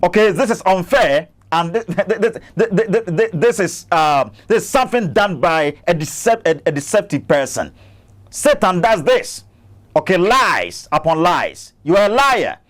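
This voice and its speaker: High-voiced, stammering man refuting a clip. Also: sing-song, normal speed. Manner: argumentative, stammering, repeats himself. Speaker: Christian apologist channel host. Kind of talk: commentary reacting to a clip.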